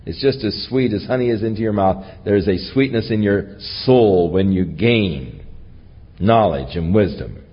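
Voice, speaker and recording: A man preaching a sermon, teaching earnestly from scripture. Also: husky. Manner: slow, earnest Bible teaching with lively rises in pitch. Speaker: pastor. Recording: lo-fi recording with long hall reverb.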